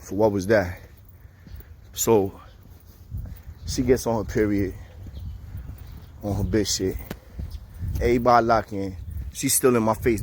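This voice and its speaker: Animated New man telling a story. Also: lowish voice, measured pace, pauses often, a little hiss or hum. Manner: animated, acts out quoted voices, profane street slang. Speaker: storyteller recounting jail time. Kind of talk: casual storytelling to camera.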